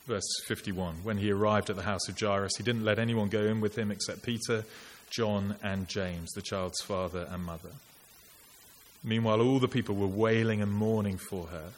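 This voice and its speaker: A man's voice: lowish voice, fairly even intonation, normal speed. Man preaching in a reverberant church. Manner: earnest, reflective, conversational with rhetorical questions. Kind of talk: sermon. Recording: long church reverb, faint hiss.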